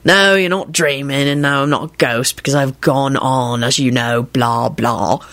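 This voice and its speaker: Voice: medium pitch, steady tone, measured pace, fairly bright tone. A reader voicing a brash, cocky young male wizard ghost who swears and teases in an audiobook. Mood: cocky teasing. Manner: swearing, breezy, mocking.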